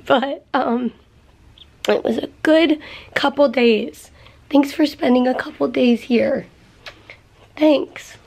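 A woman vlogging casually at home, emotional and soft-spoken, near tears. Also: high-pitched, slow pace, vocal fry, pauses often. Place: at home indoors.

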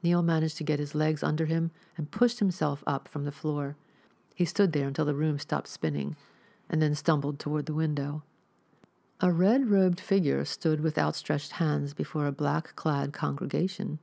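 A woman hosting a ghost story podcast, reading a horror tale in a measured, steady way. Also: sits low, gravelly. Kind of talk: scripted horror narration.

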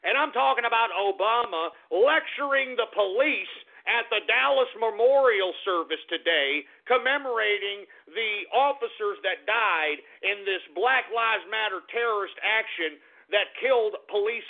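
A man hosting a talk radio show, ranting in a brash, insulting way with sudden shouting outbursts. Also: high voice, animated, normal speed, gravelly, few pauses. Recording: tinny phone-like radio audio.

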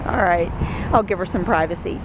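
Woman chatting in a car, kinda low voice, loud road noise, mic a bit far off. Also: a little fast. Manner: chatty, doting baby talk to a puppy. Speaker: vlogger. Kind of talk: casual vlog chat. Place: inside a car on a road trip.

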